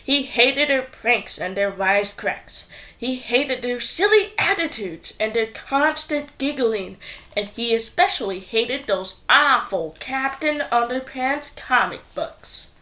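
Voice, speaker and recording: A woman reads a children's story aloud at an unhurried pace. Her telling is playful and expressive. Her voice sits a little high. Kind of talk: reading a children's book aloud.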